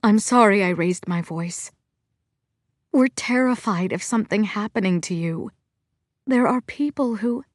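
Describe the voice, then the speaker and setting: A woman's voice: mid-range voice, measured pace, dry recording, studio quality, lightly acted. Woman voicing a stern worried mother. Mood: apologetic. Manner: firm, sharp-edged. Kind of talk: audiobook character voice.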